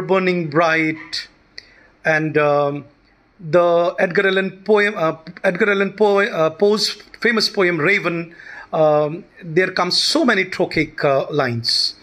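A man, teaching a short lecture on poetry and pausing often with fillers. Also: high-pitched, fairly bright tone. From India. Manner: explanatory, many fillers and restarts.

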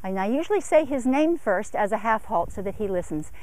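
A woman trainer talks through longeing a horse in a riding arena, mid-pitched and steady. She breaks off into short commands to the horse, lifting her tone when she asks for more speed. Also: a little fast, hardly any pauses. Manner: calls short commands to the horse, rising for upward gaits. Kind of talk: instructional demo while longeing a horse. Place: outdoor arena corner.

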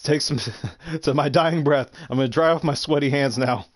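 A man's voice: a little high, steady tone, moderate pace, no echo. A young man doing gameplay commentary, swearing and trash-talking the game in frustration. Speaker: gameplay streamer. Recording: game sounds loud behind.

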